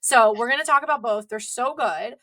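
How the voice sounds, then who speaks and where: A woman's voice: a little high, a little fast, bright, forceful tone. A woman hosting a book podcast, chatting casually and animatedly with her co-host. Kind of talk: casual chat.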